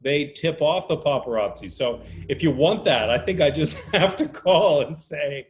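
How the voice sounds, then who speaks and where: A man's voice: on the high side, lively intonation, normal speed, hardly any pauses, background noise. A man co-hosting a podcast, making brief, dry remarks in casual chat. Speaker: podcast co-host.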